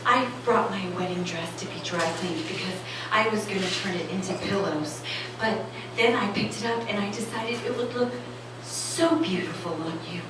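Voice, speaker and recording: A woman voicing a nagging middle-aged mother leaving a voicemail, soft and wheedling. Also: medium pitch, moderate pace, voice pushed down, lightly acted. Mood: coaxing. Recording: echoey club from far off, noisy.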